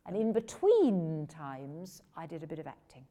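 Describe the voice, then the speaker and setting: An older woman from England, speaking in a slightly low voice, recounts her early career at a Q&A. She is a lively raconteur who pokes fun at herself. Her delivery is relaxed and conversational. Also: measured pace. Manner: self-deprecating, lively raconteur. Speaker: actress guest at a film Q&A. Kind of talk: anecdotal Q&A storytelling.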